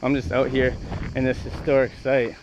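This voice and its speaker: A young man from Canada walks around ancient ruins outdoors for a casual vlog, rambling brashly and cursing as he goes. His mid-range voice is level in tone at a moderate pace, with the highs cut off and a noisy background.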